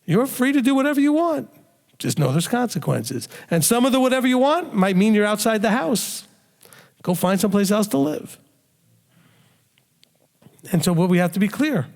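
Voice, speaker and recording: A man teaching a sermon-style question and answer session, calm and explanatory, sometimes acting out what a parent would say. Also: high-pitched, normal speed, gravelly, pauses often, in a large hall. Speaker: rabbi teaching a Q&A.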